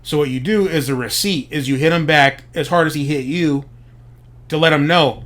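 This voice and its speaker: Man, show host, casual commentary, profane, speculative, slightly high voice. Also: normal speed, a bit bright. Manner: profane, speculative, explains wrestling slang. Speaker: podcast host.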